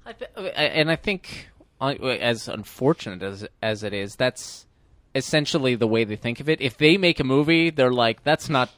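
A man's voice: mid-range voice, animated, moderate pace, fairly bright tone, dry recording. Opinionated man in casual chat. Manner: emphatic, opinionated.

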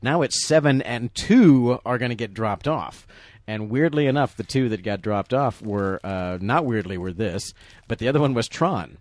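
A man's voice: mid-range voice, animated, normal speed, dry recording. A middle-aged or older man casually telling a long, rambling story with many restarts while chatting about a movie. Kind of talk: casual movie commentary chat.

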